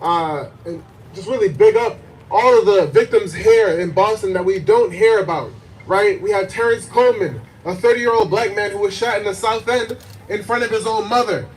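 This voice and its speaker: A man giving an energetic rally speech at an outdoor protest, firing questions at the crowd. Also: high-pitched, normal speed. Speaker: activist speaker. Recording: distant voice, crowd and outdoor noise.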